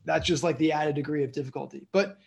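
A male comedian chatting as a guest, his voice sitting a little higher than most men's. He rambles through his stories with lots of fillers and keeps checking in with the listener. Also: fast talker, gravelly, dull audio. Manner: rambling storyteller, keeps saying "you know what I mean". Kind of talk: casual interview chat.

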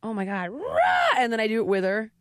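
Animated woman, dry close sound. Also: medium pitch, very fast, clear, resonant tone, no room sound. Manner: animated, acts out quotes with big voice swings. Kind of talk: casual conversation.

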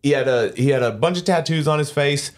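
A man's voice: on the high side, fairly quick. A man on a podcast, casually telling a story with lots of swearing, acting out both sides of an argument in quoted voices. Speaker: podcast co-host. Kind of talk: casual chat.

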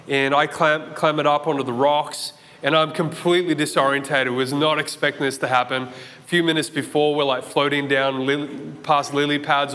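An Australian man in his thirties preaches from a church stage. His voice sits slightly high for a man, and he tells his story vividly, voicing his own shouts and thoughts. The sound carries a long reverb from the hall. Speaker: pastor. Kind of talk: sermon with personal story. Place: church auditorium.

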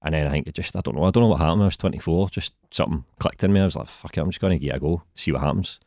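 A man in his thirties with a Glaswegian accent and a very deep voice, chatting casually as a podcast guest and laughing easily. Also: racing, a little mellow, dry recording, clean studio sound. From Scotland. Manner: laid-back, laughs easily. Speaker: guest writer.

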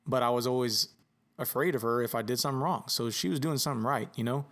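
A man chatting casually on a podcast about fatherhood. He tells stories loosely, acting out little bits of dialogue and dropping the odd swear word, in an easy voice of middle pitch. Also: fast. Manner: relaxed storyteller, swears casually, acts out dialogue. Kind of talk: casual chat.

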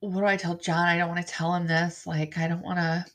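A woman telling her own story as a bereaved mother, halting and frank, with blunt swearing. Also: on the low side, level tone, a bit bright. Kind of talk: personal storytelling to camera.

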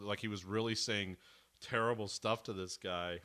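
A man with a lowish voice and a bright, forceful tone, chatting casually about a TV episode. He rambles from point to point and keeps slipping into the characters' lines as he retells scenes. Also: moderate pace. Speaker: podcast co-host. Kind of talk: casual TV recap chat.

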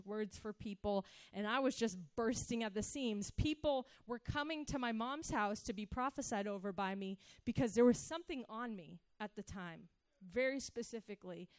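Animated woman telling a testimony, dry sound. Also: a little high, smooth, no echo. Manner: animated storytelling, acting out her past self. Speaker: speaker giving a testimony. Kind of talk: sermon-style personal testimony.

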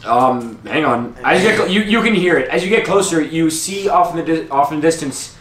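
A young man running a tabletop game, narrating with hesitant pauses and restarts. His voice sits a bit high and is recorded in an echoey room. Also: animated, fairly bright tone. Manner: hesitant, many ums and restarts. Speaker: game master.

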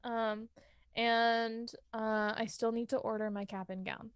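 High-voiced young woman, dry sound. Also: little pitch movement, a little slow, clear, resonant tone, no room sound. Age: young adult. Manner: chatty, laughs often, trails off with fillers. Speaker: music student. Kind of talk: casual chat.

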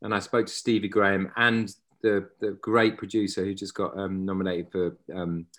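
A man in his forties with a fairly low voice. He is a guest actor who rambles through casual stories, restarting his sentences as he goes. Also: level tone, moderate pace, fairly bright tone. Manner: rambling, self-interrupting, anecdotal. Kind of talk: casual interview chat.

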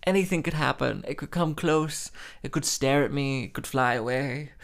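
A man's voice: mid-range voice, moderate pace, vocal fry, a bit bright. Rambling, laughing man podcaster. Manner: rambling, full of "like" fillers, breaks into laughter; self-mocking and dramatic. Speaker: podcast host. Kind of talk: solo casual storytelling chat.

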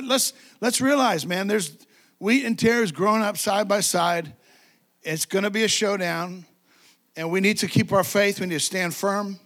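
High-voiced, fervent preacher. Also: male voice, a bit bright. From United States. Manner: fervent, conversational preaching with frequent repetition and asides; laughs often and acts out quotes. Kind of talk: sermon.

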